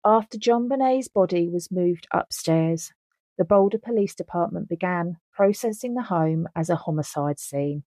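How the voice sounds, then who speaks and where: A woman's voice: fairly low pitch, normal speed, dark tone, dry recording. A woman co-hosting a true-crime podcast, adding wry, sweary comments in casual chat. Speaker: podcast co-host.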